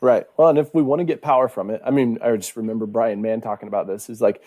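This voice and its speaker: A man's voice: medium pitch, steady tone, quick pace, a little mellow. A man hosting a podcast, chatting casually and agreeing with his guest, with frequent fillers. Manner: conversational, agreeing, filler-heavy. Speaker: podcast host. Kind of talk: casual interview chat.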